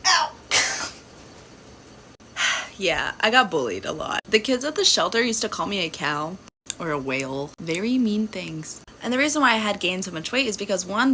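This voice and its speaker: A woman's voice: medium pitch, sharp tone, a little hiss or hum, poor audio. Blunt, sassy young woman. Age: 20s. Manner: sassy, blunt, swears freely. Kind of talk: casual storytime vlog.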